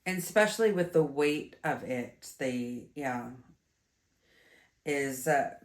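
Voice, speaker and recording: A woman in her thirties, a bit stuffy, chatting casually through a yarn review with many fillers and restarts. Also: sits low. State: stuffy, congested. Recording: roomy echo.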